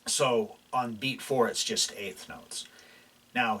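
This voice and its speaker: A man's voice: mid-range voice, unhurried, far from the mic. A man teaching a casual guitar lesson, explaining loosely with lots of fillers and restarts. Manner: relaxed, explains while playing, many fillers and restarts. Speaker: guitar instructor. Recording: voice from off mic, guitar playing behind.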